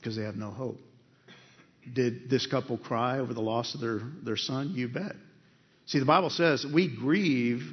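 A male pastor preaching a conversational sermon in a church, asking the congregation questions as he goes. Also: mid-range voice. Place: church sanctuary. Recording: dull sound with long hall reverb.

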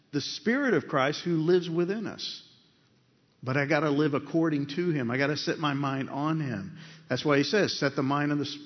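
A male pastor preaching a conversational sermon in a church, asking the congregation questions as he goes. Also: on the high side. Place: church sanctuary. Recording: dull sound with long hall reverb.

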